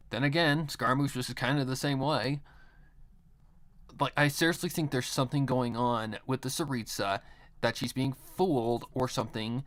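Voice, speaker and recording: A man's voice: mid-range voice, fairly bright tone. A man chatting casually on a live stream while he works, rambling with a lot of filler words and frequent swearing.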